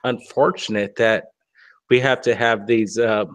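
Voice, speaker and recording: A man in a casual talk-show chat who speaks in a measured, hesitant way with many fillers. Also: fairly low pitch, fairly even intonation, clean tone, no room sound.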